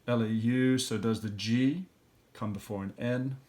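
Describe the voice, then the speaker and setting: A man's voice: medium pitch, steady tone, unhurried, darkish tone. A middle-aged man, an elementary school teacher, walking students through a recorded review lesson and thinking aloud step by step.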